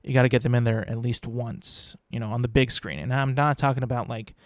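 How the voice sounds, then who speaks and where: The recording is dry, with clean studio sound, as a young man speaks briskly in a medium-pitched voice. Alone on his own podcast, he offers casual commentary, rambling, repeating words, and swearing from time to time.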